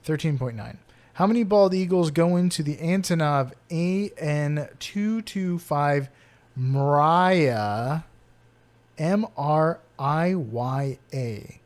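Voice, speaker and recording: A man co-hosting a podcast, quizzing his co-host in casual chat with quick asides. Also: fairly high pitch, animated, darkish tone.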